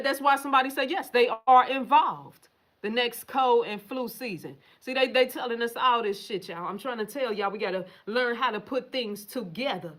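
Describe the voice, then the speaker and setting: A woman's voice: on the high side, fairly bright tone. A woman hosting a casual livestream, reading viewer comments and answering them in a profane, emphatic way straight to her viewers.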